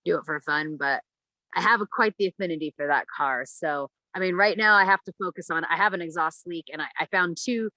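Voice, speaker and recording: Woman guest chatting away, bright clear voice, laughs easy, dry close sound. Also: on the low side, fairly quick, dry recording, low-quality recording. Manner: easygoing, laughs often. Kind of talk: casual chat.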